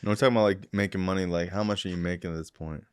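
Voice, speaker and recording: A man's voice: low-pitched, steady tone, very fast, clean tone, dry recording, studio quality. A male podcast host interviewing a guest, mostly murmuring short acknowledgments and asking occasional follow-ups. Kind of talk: interviewing, brief backchannels.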